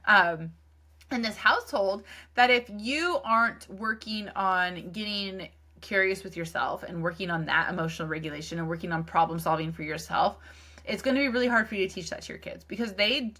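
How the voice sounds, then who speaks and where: A woman in her thirties talks through a solo podcast episode in a casual, earnest way. Her voice is bright and forward at a middle pitch. She often stops and restarts her sentences and fills pauses with "um". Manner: earnest, conversational, many fillers and restarts. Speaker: podcast host.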